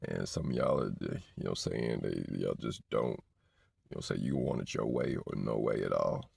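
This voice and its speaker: A man in his forties tells loose, slang-heavy stories, looping back on himself. His voice is extremely deep and gravelly with a husky edge. The delivery swings in pitch, and the sound is dry and close. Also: normal speed, darkish tone, no echo. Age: 40s. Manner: rambling, slangy, repeats "you know what I'm saying". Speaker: vlogger. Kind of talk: casual storytelling.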